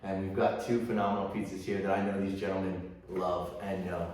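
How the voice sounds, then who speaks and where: A low-voiced man casually hosting a podcast, relaxed and quick to tease his guests. His voice rings through a large, echoey gym from a distance off the mic. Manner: laid-back, with easy laughs and teasing questions. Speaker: podcast host.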